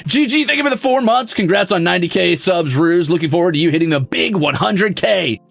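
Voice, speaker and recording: A young man streaming casually, reading chat messages aloud, excitable and swearing freely. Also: sits high, brisk, creaky, dry recording, faint music behind.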